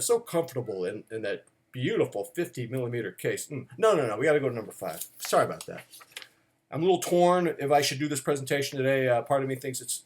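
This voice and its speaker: A middle-aged man talking to his viewers in a wry, self-mocking way, with sudden dramatic swings in pitch. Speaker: watch vlogger. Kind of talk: casual monologue to camera.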